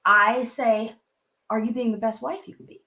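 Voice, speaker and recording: A woman in her thirties, a licensed marriage and family therapist, chats casually as a podcast guest, acting out quoted inner voices and swearing now and then. Her voice sits on the high side with a steady tone and a moderate pace. The room is echoey and a loud crowd can be heard.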